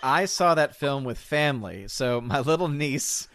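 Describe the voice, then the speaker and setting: A man's voice: mid-range voice, expressive, unhurried, fairly bright tone. A man hosting a casual podcast, rambling about films, laughing often and acting out quotes. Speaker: podcast host reading chat. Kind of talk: casual chat.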